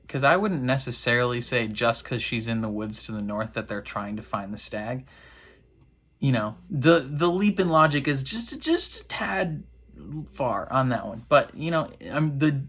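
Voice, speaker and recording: Chatty man reacting with wry laughs. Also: fairly bright tone. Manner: acts out characters' lines in quick high voices. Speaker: reaction video host. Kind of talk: casual reaction commentary.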